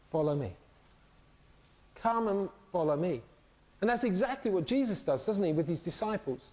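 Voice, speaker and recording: A man's voice: sits high, darkish tone. A middle-aged man preaching a sermon, telling stories animatedly and acting out the voices of the people in them.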